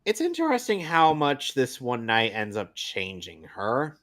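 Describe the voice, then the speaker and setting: A blunt man in casual movie-review chat. His voice sits at a middling pitch, and he swears freely while talking things over. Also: huge pitch swings, measured pace, a bit bright. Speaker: podcast co-host.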